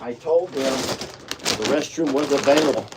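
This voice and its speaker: Outdoors on a ranch, a vlogger chats casually while doing chores, cooing fondly at the animals. The medium-pitched voice moves a little slowly, and the recording is very noisy.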